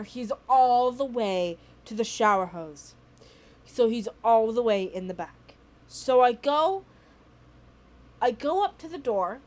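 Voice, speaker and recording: A young woman hosting a podcast, telling a story in casual chat, animated and swearing, laughing between lines, from her bedroom at home. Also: a little high, a little hiss or hum. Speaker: podcast host.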